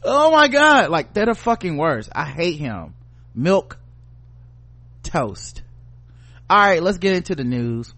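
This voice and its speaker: A man's voice: sits high, moderate pace, few pauses, no echo. A man co-hosting a casual podcast chat, swearing freely and slipping into mocking voices. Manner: profane, animated, does mocking voices. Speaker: podcast co-host.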